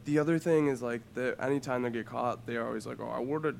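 A man's voice: medium pitch, fast talker, creaky, slight background noise. A man co-hosting a comedy podcast, joking and rambling with lots of fillers. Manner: jokey, rambling, with many fillers. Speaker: podcast co-host. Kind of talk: casual comedic podcast chat.

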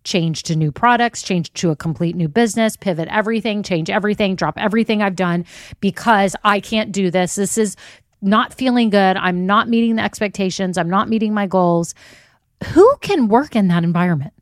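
A woman's voice: medium pitch, moderate pace, dry recording, clean studio sound. Upbeat woman coaching listeners. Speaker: podcast host. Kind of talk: motivational business podcast talk.

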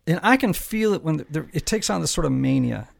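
A man hosting a casual conversation, joking and expressive as he asks questions. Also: a little high, quick pace, creaky, no room sound, studio quality.

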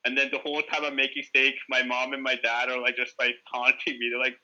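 A man's voice: medium pitch, completely flat delivery, fast talker, few pauses, pushed and bright, highs cut off. A man guesting on a podcast, telling a rambling, profane story in casual chat, full of "like" fillers.

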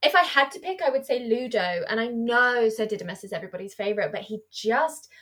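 A woman in casual chat as a podcast host, lively and acting out scenes in loud put-on voices. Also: a little high, fast talker.

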